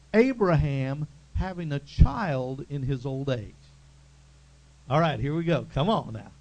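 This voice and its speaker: A man preaches a sermon emphatically, repeating phrases and calling out to his congregation. His voice is on the high side with a darkish tone, and the recording is rough.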